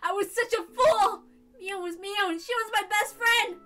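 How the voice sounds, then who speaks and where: A woman's voice: extremely high pitch, animated, normal speed, bright, forceful tone, faint music behind, heavily acted. A woman voicing an anguished, self-blaming teenage boy in a tearful, dramatic visual novel reading.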